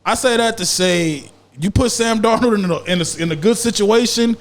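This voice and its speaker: A man co-hosting a casual sports podcast, talking in animated, laughing banter. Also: high-pitched, normal speed. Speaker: podcast co-host.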